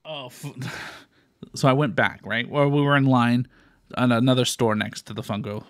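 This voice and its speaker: A man's voice: mid-range voice, moderate pace, no echo. A man from Texas co-hosting a podcast, telling a story in casual chat, swearing freely and acting out quoted voices. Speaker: podcast co-host.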